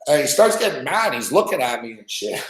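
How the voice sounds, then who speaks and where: A man's voice: mid-range voice, big pitch swings, a little fast. A man hosting a podcast, telling a story in a loose, profane way and laughing often as he goes. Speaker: podcast host. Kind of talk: casual storytelling. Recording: echoey room.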